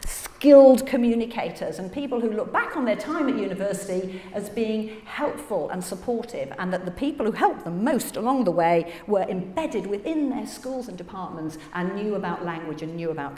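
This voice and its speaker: A woman giving a conference keynote, animated and chatty, laughing through asides to the audience. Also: medium pitch, moderate pace. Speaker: plenary conference speaker. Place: large conference hall. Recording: echoey hall with faint room ambience.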